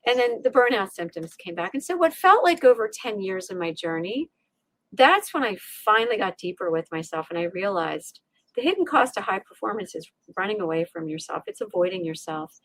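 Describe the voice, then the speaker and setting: A middle-aged woman, a resilience coach, telling an emotional personal story as a podcast guest, animated and acting out her inner voices with frequent restarts. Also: medium pitch, a little fast, no room sound.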